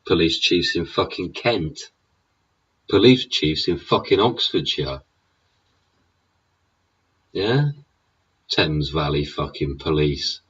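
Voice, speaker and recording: A man's voice: very deep voice, expressive, takes it slowly, pauses often, fairly bright tone, slightly rough, recorded from a distance. An English man in a sweary, sneering political rant, throwing in "yeah?" and "innit?" as he goes. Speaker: vlogger. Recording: dull sound, away from the mic.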